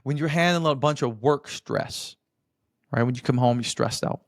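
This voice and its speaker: A man's voice: mid-range voice, normal speed, no room sound, clean studio sound. A man hosting a podcast, giving earnest, coaching-style advice on marriage and often checking in with the listener. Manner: addresses listener as brother. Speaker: podcast host. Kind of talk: motivational marriage advice talk.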